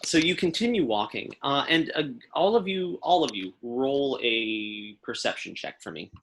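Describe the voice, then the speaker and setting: A man's voice: mid-range voice, animated, normal speed, a bit bright, slight background noise. A man narrating a tabletop game as game master, in loose, rambling descriptions full of fillers and restarts.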